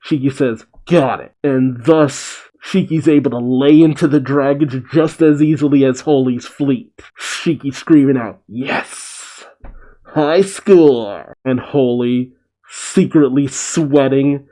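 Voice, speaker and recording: A man's voice: mid-range voice, steady tone, a little slow, dark tone, low-quality recording. A man reading a manga chapter aloud and narrating its dialogue, breaking off for dry, wry comments of his own. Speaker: manga reaction host.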